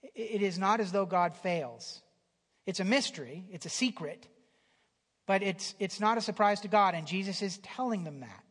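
A man preaching a sermon with a high, slightly husky voice. He talks conversationally, restarting phrases and dropping from loud emphasis to near whispers. The sound carries a long hall reverb. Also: animated, moderate pace. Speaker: pastor.

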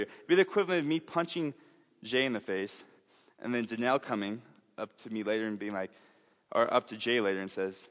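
A man's voice: mid-range voice, animated, fairly quick, fairly bright tone. A young man preaching a sermon in an earnest, conversational way, often restarting his sentences and making asides. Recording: reverberant hall.

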